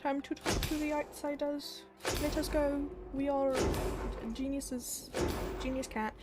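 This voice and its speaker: A woman's voice: sits high, level tone, slow pace. A young woman casually chatting and swearing through live game commentary at home, stopping to coo at her pet. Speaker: streamer. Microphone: desk microphone. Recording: loud background noise.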